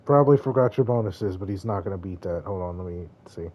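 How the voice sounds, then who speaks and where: A man's voice: low-pitched, fast talker, dull audio, a crowd in the background. A man narrating as game master of a tabletop game, laughing now and then as he describes the action. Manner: laughs while narrating, relaxed.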